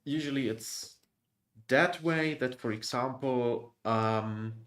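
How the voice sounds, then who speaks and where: Guest, German man, German accent, average pitch, thoughtful and hesitant, casual live chat. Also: a bit bright. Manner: thoughtful, measured, hesitant phrasing.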